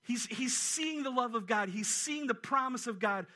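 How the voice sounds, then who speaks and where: Male pastor, lively chatty sermon delivery, bright and high-pitched. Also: normal speed. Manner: animated, conversational preaching with asides. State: a little out of breath.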